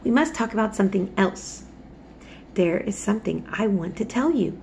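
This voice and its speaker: A woman voicing a curious, earnest young girl who speaks softly. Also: mid-range voice, animated, moderate pace, vocal fry, slight background noise. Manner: soft, eager.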